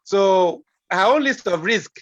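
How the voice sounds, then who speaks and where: A man with a Nigerian accent co-hosts a relaxed chat, teasing the others and dropping into Pidgin. His voice is high for a man, and the sound is dry and dull, with little room in it. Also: measured pace, no echo. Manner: teasing, joking, mixes in Pidgin. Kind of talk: casual group discussion.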